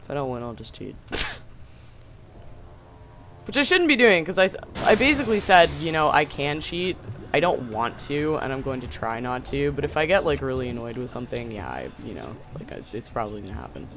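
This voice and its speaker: Excitable, swearing game streamer. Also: mid-range voice, fairly quick. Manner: excitable, swears often, yells at enemies; chatty asides to viewers. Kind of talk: casual live gameplay commentary.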